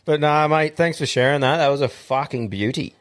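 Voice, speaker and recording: A man's voice: fairly high pitch, brisk. An Australian man hosting a podcast in crude casual chat, laid-back, swearing freely and laughing often. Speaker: podcast host.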